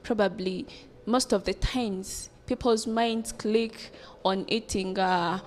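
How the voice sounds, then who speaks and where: A woman's voice: mid-range voice, fairly even intonation, slow pace, a little hiss or hum. A woman with a Ugandan English accent speaking casually on a panel and often murmuring agreement. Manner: chatty, frequent agreeing murmurs.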